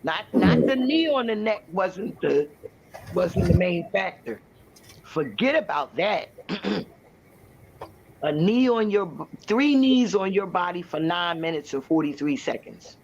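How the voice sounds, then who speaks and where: A man's voice: high-pitched, very animated, a little slow, a little hiss or hum. A man in casual podcast chat, talking emphatically and repeating his points. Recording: dull lo-fi recording.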